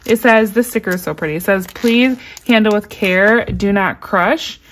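Woman, unboxing vlog, gushing, excitable, mid-pitched voice, faint hiss. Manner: gushing and excitable, reads cards aloud slowly. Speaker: unboxing vlogger. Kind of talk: casual unboxing chat.

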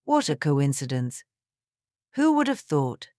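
A smug, wealthy businessman mocks and brushes people off in a sarcastic tone, as a woman narrator puts him on. The voice stays smooth and clear, and the sound is dry and close. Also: low-pitched, big pitch swings, slow, warm tone, dry recording, voice pushed down, heavily acted. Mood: mocking. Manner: sarcastic, dismissive.

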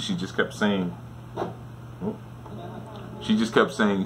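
Male teacher, deep and forceful, relaxed storyteller who keeps checking in with listeners; faint noise behind. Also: takes it slowly, long pauses. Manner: conversational, often checks in with "right?". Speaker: spiritual teacher. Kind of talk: casual storytelling lesson.

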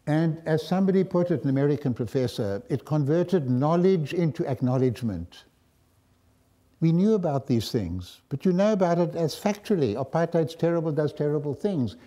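An older man with a South African accent, giving a lecture as a guest speaker and telling personal stories in a reflective, wry way with frequent pauses. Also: on the high side, expressive, dark tone. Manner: reflective, wry, pausing often. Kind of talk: storytelling lecture.

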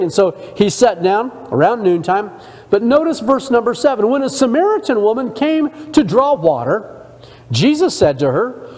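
A man's voice: sits high, a little mellow, in a large hall. A man teaching a church discipleship class, reading scripture aloud and stopping to comment in a conversational way. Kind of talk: Bible study sermon. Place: church sanctuary.

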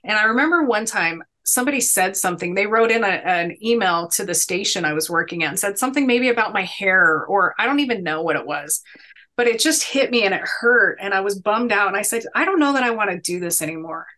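A woman's voice: mid-range voice, expressive, fairly quick, bright, forceful tone. A woman in her thirties, a podcast guest, telling stories in an earnest, emphatic, motivational way. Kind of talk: conversational storytelling.

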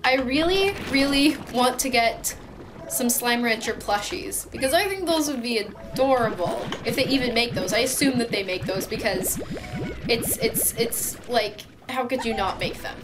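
A woman's voice: fairly high pitch, normal speed, noisy background. A young woman giving casual let's-play commentary, chatty and playful, joking at herself and talking to the creatures on screen. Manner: chatty, playful, self-mocking, talks to the game creatures. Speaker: gaming YouTuber. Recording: game music playing behind the voice.

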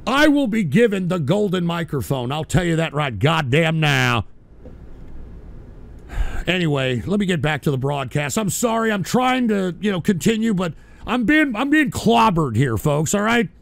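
A man hosting a livestream show, ranting with constant swearing, shouting at trolls, and tacking "all right?" onto his sentences. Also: high-pitched, very animated, normal speed, vocal fry. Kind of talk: profane livestream rant.

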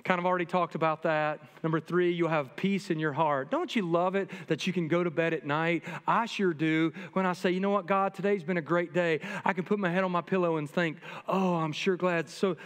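A middle-aged man, a pastor, preaching a sermon to his congregation in a lively, humorous way that speaks straight to the people. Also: sits high, brisk, hardly any pauses, smooth. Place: church sanctuary. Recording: long reverb from a church hall.

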